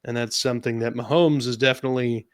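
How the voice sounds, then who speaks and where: A man co-hosts a sports podcast, running through a stats-heavy rundown in a relaxed, chatty way and laughing often. His voice has an ordinary pitch and a quick pace. The recording is dry and close, with no room sound.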